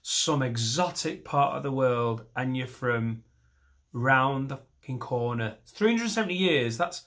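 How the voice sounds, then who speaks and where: A middle-aged comedian rambling through his set in a self-mocking way. He sits at an ordinary middle pitch and keeps breaking off into little asides. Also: expressive, measured pace, a bit bright. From northern England. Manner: self-deprecating, rambling, mixes in silly voices. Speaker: stand-up comedian.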